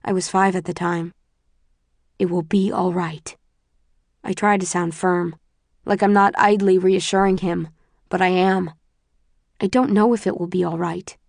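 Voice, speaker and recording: A woman narrating a first-person audiobook in a measured, subdued way. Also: on the low side, a little mellow, no echo, clean studio sound.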